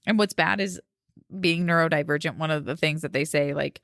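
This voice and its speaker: A woman's voice: deep voice, brisk, creaky, no echo, clean studio sound. A woman hosting a podcast, chatting casually and playfully with frequent laughter. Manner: animated, playful, laughs often. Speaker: podcast host. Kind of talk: casual chat.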